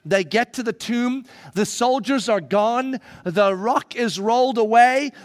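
A male preacher with a high-pitched voice delivering a sermon. He drops to a hush for scripture and rises to loud, dramatic emphasis. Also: unhurried. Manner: dramatic, swinging from hushed to loud.

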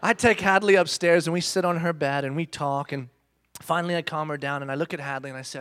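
A man in his thirties giving an animated storytelling sermon, self-mocking and talking straight to the audience. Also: fairly high pitch, fast talker. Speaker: speaker.

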